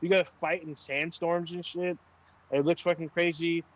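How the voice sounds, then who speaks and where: A man's voice: on the high side, level tone, normal speed, dull audio. Rambling, profane man talking games. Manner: rambling, profane, frequent fillers. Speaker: podcast co-host. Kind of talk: casual gaming chat.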